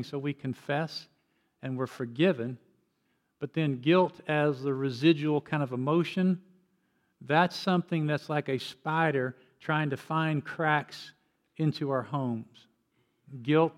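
Older man, pastor, sermon, fairly high voice, earnest, personal, restarts sentences.

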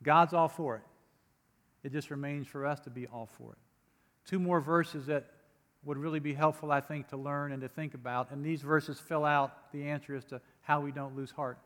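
A man's voice: on the high side, steady tone, normal speed, a bit bright. Preaching man in an echoing hall. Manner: earnest, emphatic preaching with rising bursts on key phrases. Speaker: pastor. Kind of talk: sermon. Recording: long hall reverb.

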